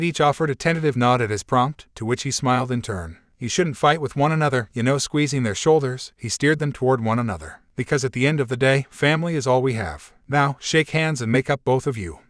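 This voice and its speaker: A man reading a fanfiction story aloud in a steady narration style, keeping his tone even across all the characters. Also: mid-range voice, no echo, clean studio sound. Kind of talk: scripted audiobook narration.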